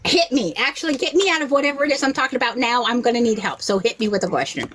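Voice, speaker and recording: A woman chatting casually on a podcast, an animated storyteller who acts out the voices she quotes and swears freely. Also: a little high, quick pace, a little hiss or hum. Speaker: rabbi and podcast guest.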